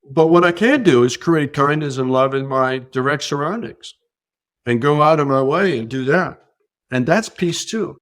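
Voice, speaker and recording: Earnest man sharing spiritual stories. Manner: earnest, rises in pitch and loudness when making a point. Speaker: podcast guest, keynote speaker. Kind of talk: reflective conversational storytelling.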